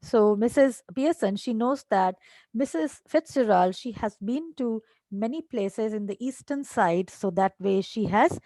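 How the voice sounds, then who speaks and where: Reading a line of a play and then unpacking it, this English teacher guides her class through the text, sometimes switching to Hindi and leaning on fillers and tag questions. Her voice is fairly high, expressive and mellow, her pace measured, and the recording has no room sound.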